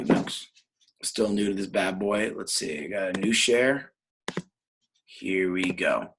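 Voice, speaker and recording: A New York man hosts a podcast, delivering a brash, profane, rambling rant. His voice is deep, sharp in tone, and slightly rough.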